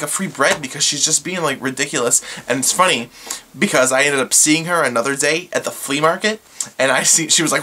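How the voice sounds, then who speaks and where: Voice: medium pitch, bright, forceful tone, slight background noise. A vlogger telling work stories to the camera in a casual, rambling way, exasperated and sarcastic, acting out the lines of the people involved. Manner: exasperated, sarcastic, acts out quotes; rambling with fillers.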